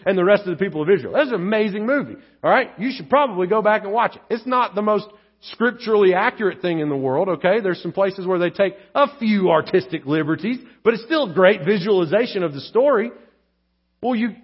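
Man, pastor, sermon, husky voice, conversational asides, muffled lo-fi recording. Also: high voice. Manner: conversational, rhetorical tag questions. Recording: dull lo-fi church audio.

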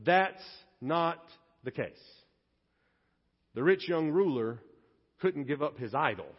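A male pastor preaching an animated sermon, moving between quiet and loud passages. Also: a little high, slow pace, breathy edge. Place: church sanctuary. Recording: dull lo-fi audio in a reverberant hall.

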